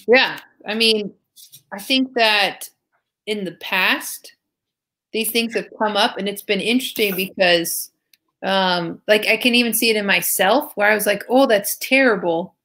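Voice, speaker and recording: A woman from the United States co-hosts a casual discussion at an ordinary pitch. She thinks aloud, packing her sentences with fillers and loose asides. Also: a little slow, bright, forceful tone. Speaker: co-host.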